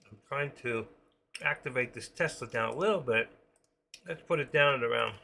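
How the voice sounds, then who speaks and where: A man's voice: mid-range voice, gravelly, sharp tone, slight background noise. A middle-aged man, talking through his trades on a live stream. He thinks aloud and rambles, joking as he goes. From New York. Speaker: day-trading live streamer.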